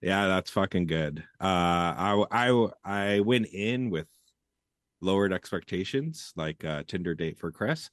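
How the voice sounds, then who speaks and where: A man's voice: sits low, unhurried, no echo, studio quality. A middle-aged man from Canada co-hosting a movie podcast, talking in a laid-back, rambling way and swearing freely. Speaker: podcast co-host. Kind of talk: casual chat.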